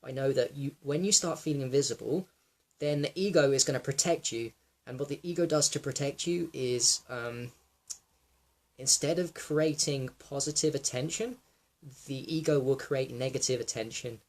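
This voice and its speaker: A young man in a raw personal monologue, reflective and halting, with many fillers and restarts, sometimes close to tears. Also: medium pitch. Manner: emotional, close to tears at times. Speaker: wellness vlogger.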